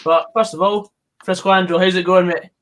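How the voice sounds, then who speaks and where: A man with a fairly high voice hosts a live football stream. He talks casually, leans on fillers and reads out comments from viewers as he goes. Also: steady tone, fairly quick, a bit bright.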